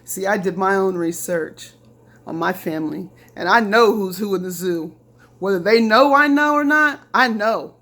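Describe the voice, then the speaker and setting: In a profane, heated rant aimed straight at the camera, a middle-aged woman from Lafayette, Indiana, repeats lines and mocks others in quoted voices. She has a medium pitch and a fairly bright tone, and she speaks at a moderate pace.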